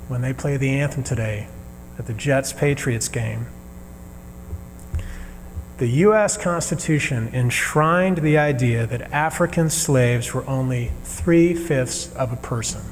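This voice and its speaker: A man preaching a sermon as minister, earnest and measured, pausing between phrases. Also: medium pitch. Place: church sanctuary. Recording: reverberant sanctuary with faint hum.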